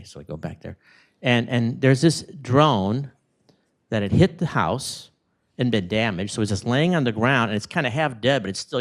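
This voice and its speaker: Male eulogist, animated anecdotal storyteller, memorial setting. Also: mid-range voice. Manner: rambling, animated anecdotes with acted-out quotes. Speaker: neighbor giving a eulogy. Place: room at a retirement community service.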